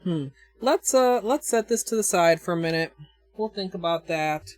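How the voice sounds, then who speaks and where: A woman's voice: fairly low pitch, animated, moderate pace, dry recording. A woman with a Minnesotan accent chatting casually on a livestream, thinking aloud as she demonstrates and answers her chat with frequent chuckles. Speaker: nail art livestreamer.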